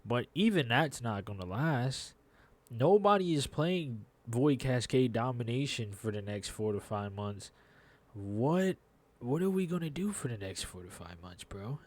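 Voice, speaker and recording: A man's voice: medium pitch, expressive, a little slow, a little mellow. A man giving casual gaming commentary, ranting in an exasperated, repetitive and slangy way about a game update. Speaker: gaming YouTuber.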